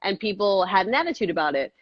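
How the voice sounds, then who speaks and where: An animated woman in her thirties talks as a guest in a casual interview and slips into high, playful quoted voices. Her voice sits in a middle pitch. The recording is dry and a bit dull and lo-fi. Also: quick pace, no echo. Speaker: actress and filmmaker guest.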